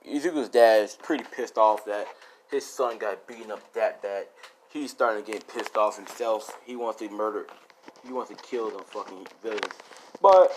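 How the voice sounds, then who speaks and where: A man's voice: on the low side, darkish tone. Rambling young man retelling a fan story. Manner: rambling, filler-heavy, profane.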